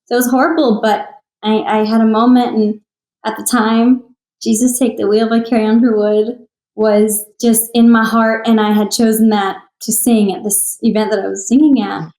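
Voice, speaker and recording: A woman's voice: a little high, flat delivery, moderate pace, a little mellow, roomy sound, low-quality recording. A young woman from Texas, a singer and author, telling her story in a candid podcast interview with emotional earnestness.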